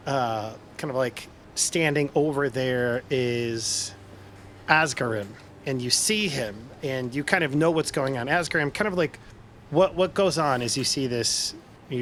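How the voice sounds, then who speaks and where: A man's voice: mid-range voice, a bit bright, a little hiss or hum. A man as game master, narrating a tabletop game with loose, filler-heavy phrasing.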